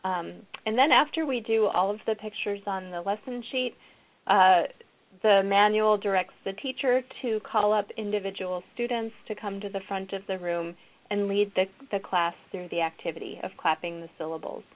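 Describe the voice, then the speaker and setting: A woman gives a recorded lecture for teachers, walking through classroom games and acting them out as she goes. Her voice sits at a middle pitch. The audio is thin and phone-like. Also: moderate pace. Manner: explanatory, models classroom activities aloud. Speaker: educator presenting a reading program.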